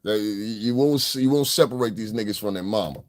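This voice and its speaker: A man's voice: on the low side, brisk, very noisy. Profane, mocking man reacting to clips. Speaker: commentary vlogger. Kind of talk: casual reaction commentary.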